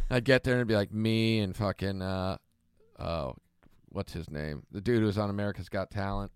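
Man, podcast co-host, joking, cursing, smooth voice, dry sound. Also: on the low side, moderate pace, no room sound. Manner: swearing, joking, mock casting-director voice. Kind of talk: casual chat.

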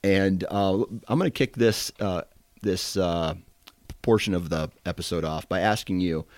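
A man's voice: sits low, no room sound. A man hosting a hunting podcast, chatting casually, laughing easily and mocking himself. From Iowa. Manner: self-deprecating, laughs easily, halting. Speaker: podcast host.

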